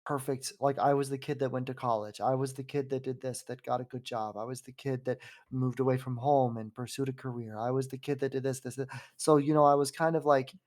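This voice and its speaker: A man's voice: medium pitch, fairly even intonation, a little fast, few pauses, darkish tone. A man in his twenties hosting a podcast, telling a personal story in a rambling, heartfelt way. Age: 20s. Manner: rambling and heartfelt, with frequent fillers and restarts. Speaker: podcast host. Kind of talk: casual conversational storytelling.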